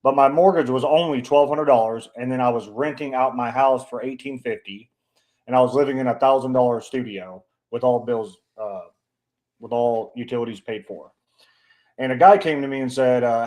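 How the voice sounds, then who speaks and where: A man chatting on a podcast, telling a story in a blunt, profane, animated way and acting out the people he quotes with a raised voice. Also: mid-range voice, moderate pace. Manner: profane, blunt, animated, pushes his own story hard. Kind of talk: casual storytelling chat.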